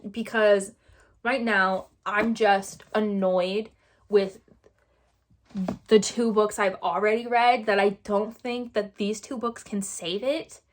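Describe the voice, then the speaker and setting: A woman at an ordinary middle pitch talks through a casual book review vlog. Her delivery is exasperated and sarcastic. She keeps circling back to the same phrases to hammer her points home. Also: fairly even intonation, slow pace. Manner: exasperated, sarcastic, repeats herself for emphasis. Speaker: book vlogger.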